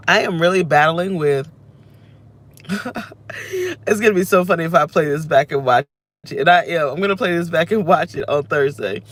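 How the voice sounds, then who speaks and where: A woman in her thirties venting and reflecting aloud while sitting in a car, in a rambling, self-reflective way. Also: low voice. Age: 30s. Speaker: vlogger. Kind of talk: emotional personal rant to camera.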